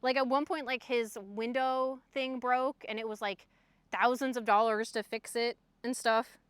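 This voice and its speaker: A young woman livestreamer telling a story in casual chat, animated and full of fillers. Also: on the high side, unhurried, clear, resonant tone, no room sound. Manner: chatty, animated, frequent "like" fillers.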